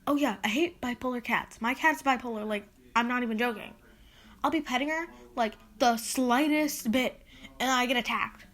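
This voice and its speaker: Female podcast host, high voice, rambling exasperated rant, filler-heavy. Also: normal speed, a bit bright. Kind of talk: casual solo podcast rant.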